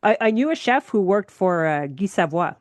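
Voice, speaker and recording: A woman co-hosting a podcast in casual chat, telling animated stories and breaking in often to agree. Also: medium pitch, no echo. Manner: animated storyteller, quick agreeing interjections. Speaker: podcast co-host, food writer.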